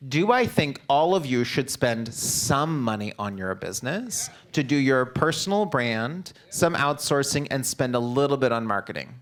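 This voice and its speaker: A man presenting a live business seminar, coaching the audience directly and often asking quick check-in questions. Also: mid-range voice, sing-song, a bit bright. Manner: direct, coaching, upbeat delivery. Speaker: real estate seminar presenter.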